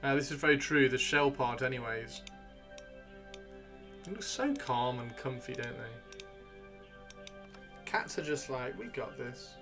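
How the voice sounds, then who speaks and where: A man's voice: mid-range voice, lively intonation, unhurried, long pauses, bright, forceful tone, soft background music. Rambling man on a livestream. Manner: rambling, swears casually, talks to himself while browsing. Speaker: livestream host. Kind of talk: casual chat while gaming.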